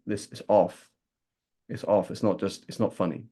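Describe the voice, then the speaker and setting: A man's voice: on the low side, fairly even intonation, moderate pace, dark tone. A man with a British accent giving a conversational religious lesson, often asking "right?" and acting out what people might say. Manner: keeps asking "right?", acts out imagined speakers. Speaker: religious teacher.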